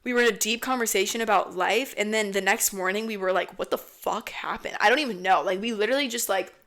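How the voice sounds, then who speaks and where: A woman's voice: medium pitch, quick pace, a bit bright. Rambling, foul-mouthed young woman. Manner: rambling, heavy swearing, lots of "like". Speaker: podcast host. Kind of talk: casual storytime.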